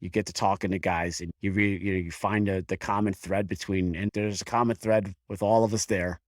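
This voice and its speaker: Deep-voiced firefighter telling his story. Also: fairly even intonation, no echo, studio quality. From Buffalo area, US. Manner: halting and frank, restarts, mild swearing. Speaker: guest, career firefighter. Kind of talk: candid personal storytelling in an interview.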